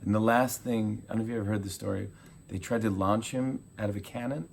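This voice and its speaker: A man in his forties, a talk show host, telling animated stories in a casual interview and acting out quotes. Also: on the low side, quick pace, creaky, slight background noise. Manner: animated storyteller, acts out quotes.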